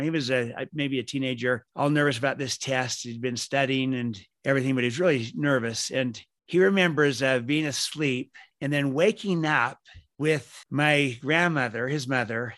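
A man's voice: medium pitch, fairly bright tone, no room sound. Man telling family stories, dry sound. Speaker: guest author. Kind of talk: podcast interview.

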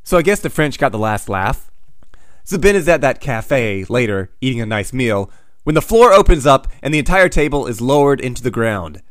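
A man recapping comics with dry, sardonic asides. His delivery swings lively up and down. The recording is dry and close. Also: medium pitch, moderate pace, dry recording. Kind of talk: sarcastic comic recap narration.

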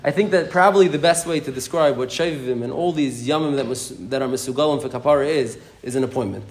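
A man teaching an informal Talmud class, telling the story in a rapid, animated way and often restarting his sentences. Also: medium pitch. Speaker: Torah teacher.

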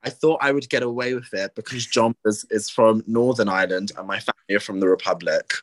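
Low-voiced young man chatting casually. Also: fairly even intonation, brisk. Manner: rambling, filler-heavy. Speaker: podcast co-host. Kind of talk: casual chat.

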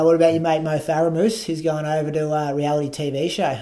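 A man's voice: a little high, level tone, brisk, few pauses, dark tone. A man, co-hosting a podcast and reading out news in casual chat. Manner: chatty, reads items aloud. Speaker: podcast co-host.

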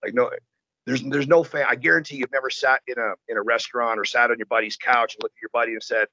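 Brief: a bright-voiced man, animated and profane, casual chat, dull lo-fi recording. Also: medium pitch, fast, no echo. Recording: dull lo-fi sound.

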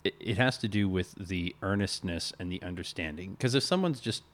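A man with a very deep voice chats casually on a podcast. He cuts in with dry, deadpan quips and short replies. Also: a little fast. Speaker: podcast host. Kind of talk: casual chat.

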